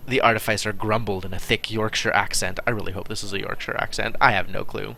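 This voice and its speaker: A man's voice: on the low side, fairly even intonation, fast, creaky, few pauses, pushed and bright. A man streaming a text adventure game, reading the story aloud and adding wry, chatty asides. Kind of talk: live game play with narration.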